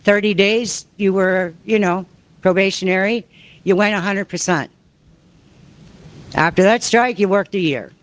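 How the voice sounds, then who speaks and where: A woman's voice: medium pitch, a little slow, long pauses. Emphatic woman telling union history. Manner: emphatic, acts out dialogue while telling. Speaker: union member on a panel. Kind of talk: panel talk.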